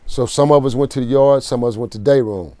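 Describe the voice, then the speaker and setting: A man guest in an interview, telling a gritty jail story in casual street slang, often going quiet. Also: fast talker, no room sound. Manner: street slang, emotional prison storytelling, drops to a low murmur.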